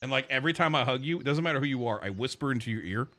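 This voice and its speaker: A man's voice: mid-range voice, racing. A man streaming and chatting casually with his viewers, rambling and swearing freely. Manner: profane, rambling, animated. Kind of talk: casual livestream chat while gaming.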